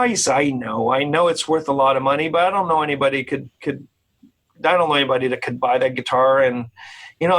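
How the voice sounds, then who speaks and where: A man's voice: mid-range voice, a bit bright, poor audio. Quebec-accented man telling a long story. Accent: Quebec French. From Quebec, Canada. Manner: rambling, many restarts, quotes others in the telling. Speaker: guest guitarist. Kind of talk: casual interview storytelling. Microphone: video call.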